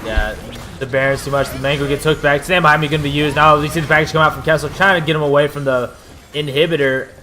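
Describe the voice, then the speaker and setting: Fast, bright-voiced esports caster. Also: male voice, a little high, a little hiss or hum. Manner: excitable, rising to shouts at big plays. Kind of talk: play-by-play commentary.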